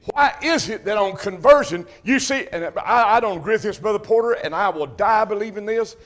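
Preacher, man, high-pitched, fervent and repetitive, pulpit sermon. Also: lively intonation, a little fast. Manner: emphatic, repetitive, rising to shouts. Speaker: Baptist preacher.

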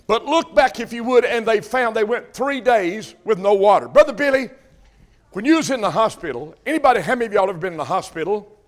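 Older preacher guy, really high voice, folksy, keeps quizzing the church folks. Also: animated, brisk. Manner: folksy, calls out questions to the congregation. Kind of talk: sermon.

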